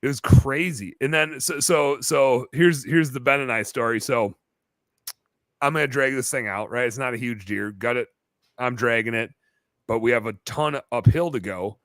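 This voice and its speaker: A man telling a long story as a podcast guest, animated and full of fillers in casual chat. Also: medium pitch, normal speed, dry recording. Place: bar-themed podcast set.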